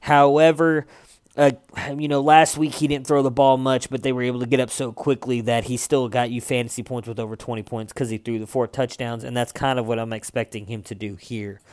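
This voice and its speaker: A man's voice: medium pitch, flat delivery, a little fast, a little mellow, dry recording, clean studio sound. A young man running through his weekly fantasy football rankings in a casual, conversational way, with frequent filler sounds.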